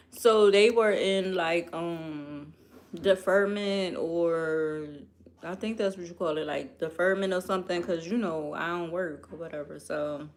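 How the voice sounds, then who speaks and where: Speaking a little slowly in a lowish voice, a young Philadelphia woman talks straight to her live-stream viewers in a loose, chatty way. She takes her time, letting her thoughts wander and ramble.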